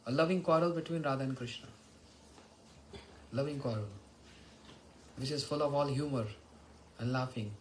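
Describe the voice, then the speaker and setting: A man's voice: mid-range voice, moderate pace, pauses often, a little hiss or hum, poor audio. A man giving a devotional morning lecture, telling stories and chanting verses. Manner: storytelling, chants Sanskrit and Bengali verses. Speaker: spiritual teacher.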